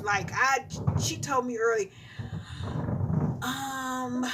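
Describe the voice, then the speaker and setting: A mother live-streaming, telling animated stories about her children in a casual rant and laughing often. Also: fairly high pitch, a little slow, very noisy.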